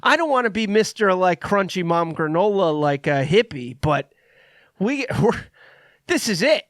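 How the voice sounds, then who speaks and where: A man's voice: sits high, animated, a little slow, a bit bright, dry recording. Laid-back joking young man, dry mic. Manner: laid-back, joking, calls people "dude". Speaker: podcast co-host. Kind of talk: casual chat.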